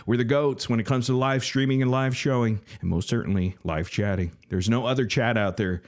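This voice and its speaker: A man's voice: mid-range voice, a little fast, darkish tone. A man hosting a live stream, giving casual commentary in a mocking, boastful way and laughing often.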